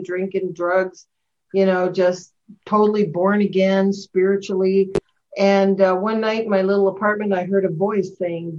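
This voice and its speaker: Heartfelt woman telling her testimony. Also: mid-range voice. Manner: heartfelt and storytelling, with emotional rushes and soft, slow passages. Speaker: guest sharing a personal testimony. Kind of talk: personal testimony. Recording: dull lo-fi sound.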